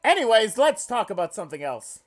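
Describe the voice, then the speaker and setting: A man reading a visual novel aloud on stream and commenting on it, loose and foul-mouthed. His voice swings widely in pitch, and faint music plays under him. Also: normal speed. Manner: animated, swears often, laughs loudly. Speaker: let's play streamer.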